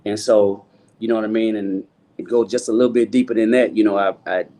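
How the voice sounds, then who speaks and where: A man's voice: on the low side, steady tone, fairly quick, mellow. A middle-aged man, a singer talking loosely in an interview and filling his talk with "you know what I'm saying". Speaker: guest singer.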